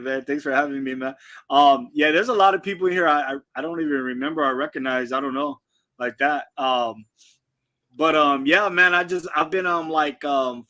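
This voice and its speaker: A man's voice: fairly high pitch, bright, forceful tone. A man talking as a guest on a livestream chat, laid-back and rambling, full of ums and giggles.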